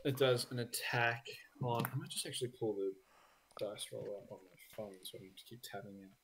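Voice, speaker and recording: A man's voice: mid-range voice, fairly quick, a bit bright. A man running a tabletop game as dungeon master, casual and hesitant, with many ums. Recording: faint background noise with clicks.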